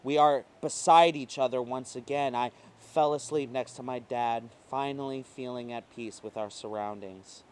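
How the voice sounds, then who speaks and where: A man's voice: medium pitch, fairly even intonation, normal speed, hardly any pauses, a little hiss or hum. Man reading a story with emotion. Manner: emotive, swinging between quiet and intense. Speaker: reader. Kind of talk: first-person story reading.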